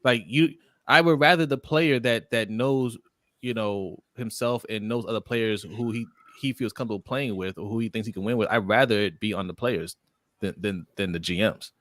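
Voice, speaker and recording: A man co-hosting a casual sports talk show, animated and quick to agree, laughing often. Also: on the low side, dry recording. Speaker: podcast co-host.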